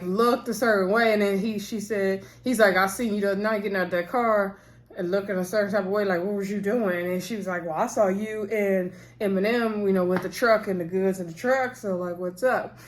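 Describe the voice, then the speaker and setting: A woman's voice: medium pitch, fairly even intonation, moderate pace. A woman casually recapping a TV episode, animatedly acting out the characters' lines as she retells the scenes.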